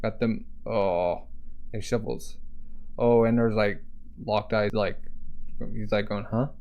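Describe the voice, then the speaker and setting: A man's voice: fairly low pitch, fairly even intonation, slow, muffled recording. A man casually reading a manga aloud, describing panels and voicing sound effects, with frequent filler words. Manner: casual, uses "like" often, voices sound effects. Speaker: manga reader.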